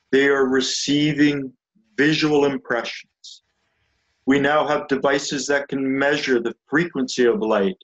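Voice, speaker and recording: A man leading an online study group, talking slowly and reflectively, often restarting his sentences, sometimes reading passages aloud. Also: mid-range voice, lo-fi sound. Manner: slow, reflective, with frequent restarts. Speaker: group leader teaching spiritual ideas. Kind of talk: unscripted talk with read-aloud passages. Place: a room with chairs and a sofa.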